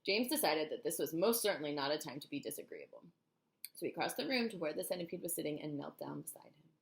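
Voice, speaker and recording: Expressive woman reading aloud. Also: low-pitched, quick pace, gravelly. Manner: expressive, engaging. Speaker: storybook reader. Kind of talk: children's book read-aloud.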